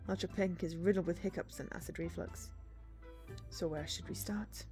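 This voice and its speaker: Low-voiced woman reading a story game. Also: steady tone, moderate pace, dark tone, soft background music. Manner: dry, sarcastic asides. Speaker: game streamer.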